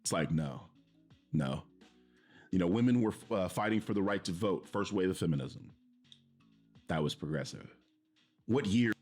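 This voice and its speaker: A man's voice: deep voice, lively intonation, normal speed, long pauses, darkish tone, breathy edge, faint music behind. A man streaming, reacting to a video in heated casual commentary, swearing and mocking with an exasperated tone. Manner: profane, exasperated, mocking laughs.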